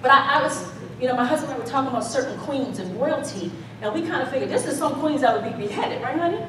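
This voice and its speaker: A woman's voice: high-pitched, animated, fast talker, background noise. A woman preaching a casual, playful sermon, joking and laughing with the congregation. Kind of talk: conversational sermon. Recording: echoey church hall, mic at a distance.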